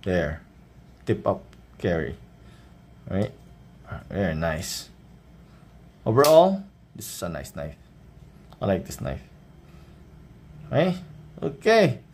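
A Filipino-accented man with a fairly low voice talks through an unboxing at an unhurried pace. He keeps it casual and easygoing, checking in with his viewers with a questioning "right?" as he shows off each detail. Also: a little hiss or hum. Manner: relaxed show-and-tell, often adds a questioning "right?". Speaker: knife reviewer.

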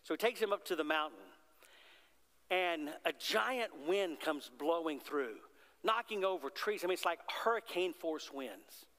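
A man's sermon, delivered in a high, light voice. He keeps it conversational and keeps asking the congregation questions. The sound has the long reverb of a large church sanctuary. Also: lively intonation, measured pace, a bit bright. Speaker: pastor.

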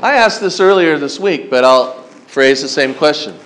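Man, pastor, high voice, camp sermon, acts out stories, questions the crowd. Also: moderate pace. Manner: animated storytelling, acts out his younger self. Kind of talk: sermon to teen campers.

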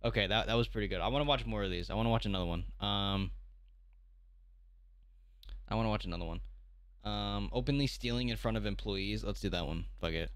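A young man streaming his reactions to online videos, talking casually, animated and swearing freely. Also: fairly low pitch, brisk, long pauses, smooth, no room sound. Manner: animated, swears a lot, restarts mid-thought.

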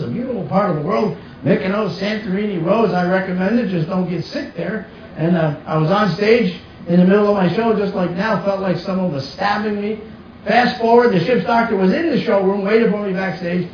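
A high-voiced stand-up comedian from New Jersey tells brash stories full of punchy asides to a live audience. The live-room recording sounds echoey, distant and muffled, with hum in the background.

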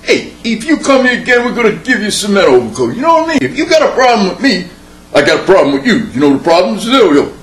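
A man's voice: high voice, big pitch swings, quick pace. A man doing a threatening New York tough guy. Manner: menacing street slang. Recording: echoey room with faint hum.

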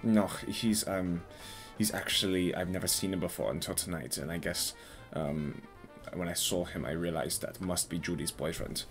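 A man's voice: low-pitched, fairly even intonation, faint music behind, close to an everyday voice. Man putting on a nervous hotel witness. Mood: hesitant. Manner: hesitant, halting with ums. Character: male hotel witness with a shaky German accent.

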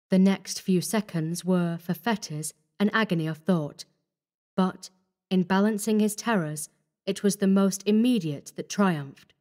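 A woman narrating a horror story in a measured, grave manner. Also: mid-range voice, a little mellow.

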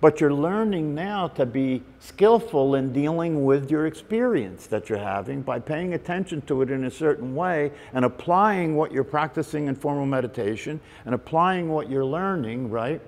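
A man's voice: a little high, expressive, normal speed, few pauses, a little mellow. A man giving a conversational meditation talk to a group, often checking in with "right?" and "you know". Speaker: meditation teacher. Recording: long reverb in a hall.

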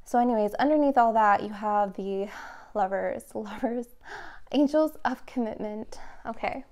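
Woman, young adult, tarot reader, casual reading to camera, excitable, rambling, filler-heavy, slightly high-pitched. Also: normal speed.

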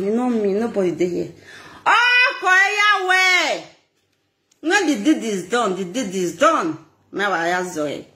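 A woman's voice: high-pitched, echoey room. A Nigerian woman ranting on a live video, scolding and laughing as she talks. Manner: animated, scolding, laughs often. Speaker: social media personality.

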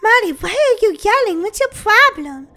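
Woman voicing a game girl, very high, sharp and bright, bubbly and bossy. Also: very animated, moderate pace, a little hiss or hum, full character voice. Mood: chiding.

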